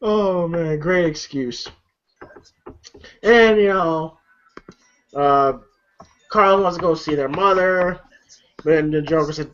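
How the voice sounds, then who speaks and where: A man's voice: fairly high pitch, slow, pauses often, fairly bright tone, highs cut off. A man casually recapping a comedy movie, rambling with lots of fillers and frequent laughter. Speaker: movie reviewer.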